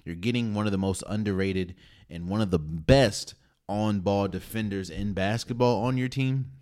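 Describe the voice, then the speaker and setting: A man's voice: fairly low pitch, moderate pace, darkish tone. A man hosting a podcast, talking through his sports opinions casually and emphatically, with frequent restarts. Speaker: podcast host.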